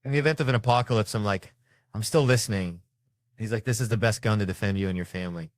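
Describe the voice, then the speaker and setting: A man's voice: fairly low pitch, fast, no room sound. A man telling a stand-up story in a rowdy, profane manner, imitating the people in it. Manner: rowdy, profane anecdotes with mimicked voices. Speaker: stand-up comedian.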